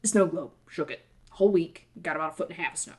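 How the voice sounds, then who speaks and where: A woman's voice: low voice, quick pace, husky. A woman co-hosting a podcast in casual chat, rambling through anecdotes and swearing freely, recorded in a half-unpacked apartment. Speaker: podcast co-host.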